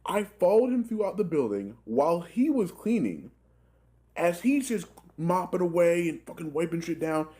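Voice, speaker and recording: A young man in his twenties telling a rambling, profane work story in a casual, animated way, full of filler words. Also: high voice, normal speed. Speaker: gaming channel host telling a story.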